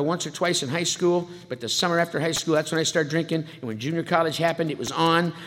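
A man's voice: on the high side, fairly bright tone. A man from California's San Fernando Valley, sharing his life story at a recovery meeting with wisecracks and acted-out voices. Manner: wisecracking, acts out quoted voices. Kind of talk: humorous personal storytelling. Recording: reverberant hall, faint background noise.

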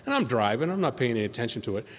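A man's voice: mid-range voice, very animated, racing. A middle-aged man telling his own story at a meeting, rambling and acting out what others said. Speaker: speaker at a recovery meeting. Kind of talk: personal testimony at a meeting. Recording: long reverb of a hall.

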